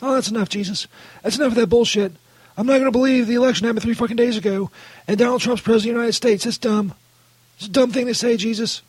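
A man voicing a crude, irritable saint who swears constantly and keeps saying "Jesus", in a husky voice. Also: very high-pitched, steady tone, quick pace, darkish tone, dry recording, voice pushed up. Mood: indignant.

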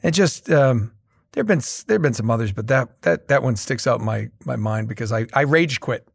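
Lively, gravelly man telling stories. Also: medium pitch, brisk, dry recording, clean studio sound. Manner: animated storyteller, many restarts. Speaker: guest voice actor. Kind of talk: casual interview chat.

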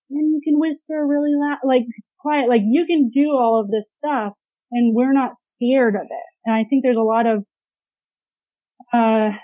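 A woman's voice: high voice, dark tone, no echo, rough recording. A woman therapist in casual podcast conversation, chatty, with many filler words and brief mimicking of parents.

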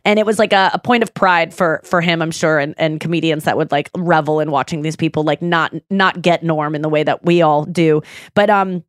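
Animated, swearing woman podcast host. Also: deep voice, brisk, no room sound, studio quality. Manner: animated storyteller who swears freely and acts out quotes. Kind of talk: casual chat.

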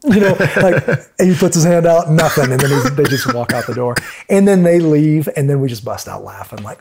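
Gravelly, husky middle-aged man telling stories. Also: mid-range voice, fairly quick. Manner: animated storyteller, frequent restarts. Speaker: guest, former Navy SEAL. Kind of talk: casual storytelling interview.

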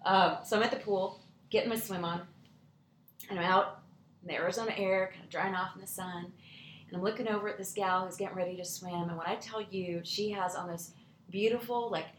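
A woman hosting a podcast, telling stories in an animated, emphatic, casual way. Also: medium pitch, brisk, reverberant, a little hiss or hum. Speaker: podcast host. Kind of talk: casual storytelling chat.

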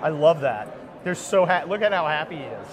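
Brief: male podcast host, higher voice, rowdy banter, crowd and music behind. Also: lively intonation, a little fast. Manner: loud, joking, calls out to passersby. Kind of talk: casual chat. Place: outdoors at a busy event.

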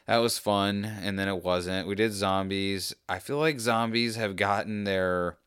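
A man's voice: low-pitched, a bit bright, clear, resonant tone, no room sound, studio quality. A man in casual chat, rambling off on tangents with jokey, self-deprecating asides.

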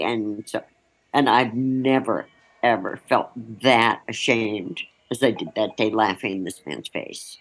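A woman's voice: rumbling low, measured pace, rough recording. Woman journalist telling an old field story, keeps cracking up, real blunt about it. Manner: breaks into laughter while recounting, vivid and frank. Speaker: journalist recalling a field assignment. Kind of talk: candid storytelling in an interview.

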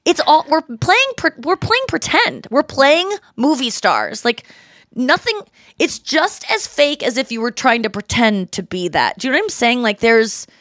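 A woman's voice: high voice, normal speed, no room sound. Woman, podcast host, casual storytelling, mimics voices, dry close sound. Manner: animated storyteller who mimics voices in quotes. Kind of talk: casual chat.

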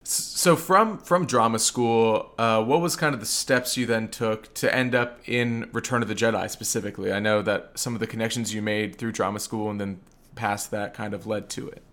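A man's voice: fairly low pitch, fairly even intonation, moderate pace, a bit bright. A man hosting a podcast interview, eager and enthusiastic, often restarting his sentences. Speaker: podcast host. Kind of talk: casual interview.

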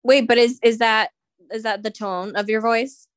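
A woman co-hosting a podcast, chiming in with quick teasing remarks in casual chat. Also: a little high, steady tone, no room sound, clean studio sound. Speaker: podcast co-host.

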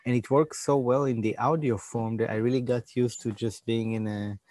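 A man's voice: mid-range voice, steady tone, moderate pace, warm tone, no echo. A young man answering interview questions, often searching for words and restarting his phrases. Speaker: interview guest, digital community organizer.

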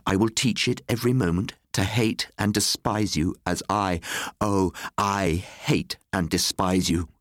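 A man doing a shrill, furious Victorian mother. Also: fairly even intonation, measured pace, fairly bright tone, no room sound, studio quality. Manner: shrill, cutting threats rising to desperate cries.

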